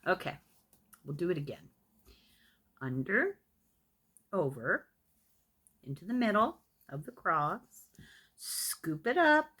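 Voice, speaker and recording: An older Irish woman teaching knitting at an unhurried, deliberate pace, her voice rising and falling in a lively, sing-song way. She talks the viewer through each step patiently, with a gentle, self-deprecating warmth. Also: deep voice, husky. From Ireland. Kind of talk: step-by-step craft tutorial.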